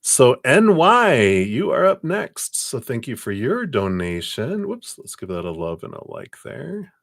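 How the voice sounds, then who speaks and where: A man's voice: medium pitch, big pitch swings, a little slow, vocal fry, no echo, clean studio sound. A man doing live-stream card readings, talking in a rambling, reassuring way with lots of "you know". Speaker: card reader.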